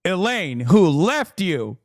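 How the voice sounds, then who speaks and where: A man's voice: sits high, very animated, takes it slowly, a little mellow, no room sound, studio quality. A man from the United States giving casual, sarcastic livestream commentary on politics. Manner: sarcastic, joking.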